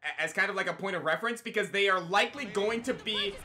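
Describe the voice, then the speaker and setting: A man co-hosting a let's play, giving animated, teasing commentary. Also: high-pitched, fast talker. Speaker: co-host.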